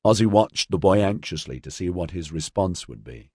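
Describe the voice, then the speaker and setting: A man narrating a story in a measured, expressive reading. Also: sits low, no room sound, studio quality. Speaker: audiobook narrator. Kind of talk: scripted narration.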